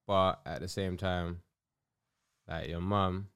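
A young man, chatting calmly and agreeably as a podcast co-host. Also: low voice, slow pace, clean tone, no room sound. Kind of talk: casual chat.

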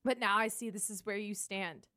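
A woman's voice: medium pitch, steady tone, normal speed, close to an everyday voice. A woman playing a defiant young woman in a tabletop game, pushing back with rising anger. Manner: defiant, rising to angry shouts.

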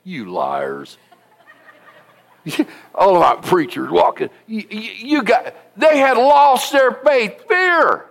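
A man preaching a sermon, telling stories in an animated, folksy and emphatic way. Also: very high voice, takes it slowly, vocal fry. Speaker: pastor.

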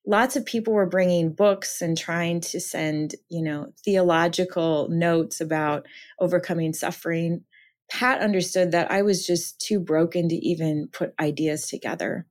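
A woman's voice: fairly low pitch, fairly even intonation, moderate pace. A woman, an author and counselor from Minnesota, telling her own story as a podcast guest in an earnest, reflective way. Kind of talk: personal testimony in conversation.

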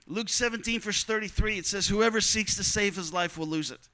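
High bright clear-voiced male preacher. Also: brisk. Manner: storytelling, earnest, repeats key lines for emphasis. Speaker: missionary preacher. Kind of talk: sermon to students.

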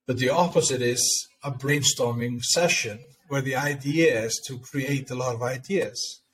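A man co-hosting a podcast, explaining ideas in a measured, conversational way. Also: mid-range voice, a bit bright, rough recording. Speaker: podcast co-host. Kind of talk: casual conversation. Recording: faint background noise and clicks.

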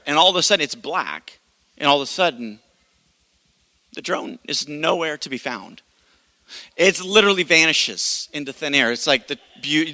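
A man in his thirties preaching a sermon, telling a personal story in an animated way and acting out the voices. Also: high-pitched. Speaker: pastor. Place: church hall. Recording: long hall reverb.

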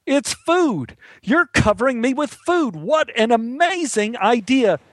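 Man doing a delighted female dog, high squeaky voice, giddy and gushing, dry close sound. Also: very animated, measured pace, dry recording, heavily acted. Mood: amazed delight. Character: overjoyed female dog, amazed and grateful.

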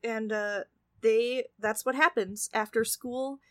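A young woman in casual podcast chat about a book, animated, acting out lines from the story. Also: fairly high pitch, slow pace, no room sound, studio quality. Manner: animated, acts out quotes, swears casually. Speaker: podcast co-host.

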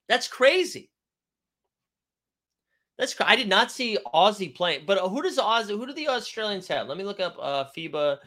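A man's voice: on the high side, pushed and bright. A young man hosting a casual live-stream chat, rambling with jokey, self-mocking asides. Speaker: podcast host.

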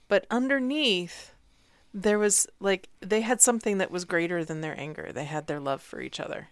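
Middle-aged female co-host, lowish voice, dry close sound, reflective. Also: moderate pace, dry recording. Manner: thoughtful, searching, many fillers. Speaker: podcast co-host. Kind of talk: casual conversation.

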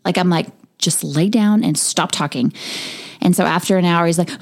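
A woman in her thirties with a slightly low voice tells a story in a relaxed, conversational way. She acts out her son's whining complaints and her own weary replies. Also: normal speed. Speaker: podcast co-host. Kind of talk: casual storytelling chat.

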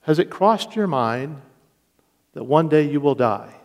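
A man's voice: a little high, lively intonation. Preaching man in an echoing hall. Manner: slow deliberate preaching with rising emphasis. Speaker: pastor. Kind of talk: sermon. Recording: long reverb of a large hall.

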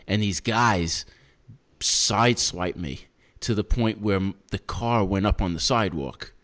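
A young adult man, a podcast co-host, telling a story in casual chat and acting out his own shouting. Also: lowish voice, measured pace.

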